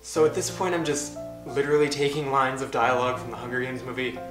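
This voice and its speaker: A young man reading an old script he wrote and commenting on it in a wry, deadpan, self-mocking way. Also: medium pitch, fast talker. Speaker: YouTuber. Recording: roomy echo with music underneath.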